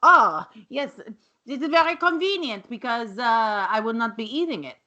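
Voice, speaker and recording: A woman's voice: on the high side, normal speed, sharp tone, dull audio. A woman doing a smug, rude chef. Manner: smug, dismissive. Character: haughty, rude male chef.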